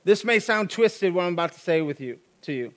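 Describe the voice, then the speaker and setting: Pastor, male, very high voice, chatty sermon with wry asides. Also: animated, brisk. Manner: casual, joking asides.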